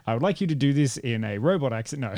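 A man's voice: mid-range voice, expressive, fast, a crowd in the background. A man hosting a casual film review podcast, joking around and laughing often between rambling asides. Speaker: podcast host.

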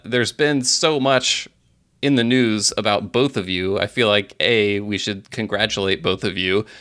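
A man's voice: on the low side, pushed and bright, clean tone. A man in his thirties hosting a podcast, chatting casually and rambling a little before asking his guests questions. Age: 30s. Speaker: podcast host.

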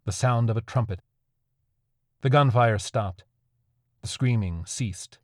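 Brief: male narrator for a grim horror story, measured, mid-pitched, dry close sound. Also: a little mellow, no echo.

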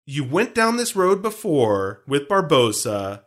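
A man co-hosting a casual movie breakdown podcast, animated and playfully swearing. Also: fairly high pitch, unhurried. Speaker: podcast co-host.

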